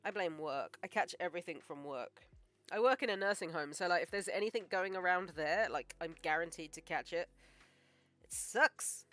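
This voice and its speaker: A woman animator chatting casually on a live stream while she draws, joking and thinking out loud. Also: on the low side, brisk, no echo, soft background music. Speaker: animator streaming her work.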